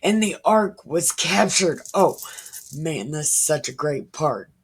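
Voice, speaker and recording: A woman's voice: low-pitched, expressive, takes it slowly, slightly rough. A woman in her thirties reading the Bible aloud and musing over it in a casual, irreverent way. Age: 30s. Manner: musing, irreverent, slips into whispers. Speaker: Bible reader.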